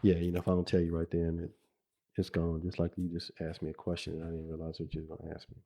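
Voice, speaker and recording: A man's voice: sits low, completely flat delivery, fast talker, mellow. A middle-aged man co-hosting a podcast, talking casually and reflectively, with frequent restarts and laughter. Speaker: podcast co-host.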